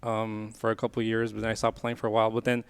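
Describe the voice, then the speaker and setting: A man's voice: fairly low pitch, monotone, racing, vocal fry, smooth. A man in casual banter on an esports stream, teasing and playful.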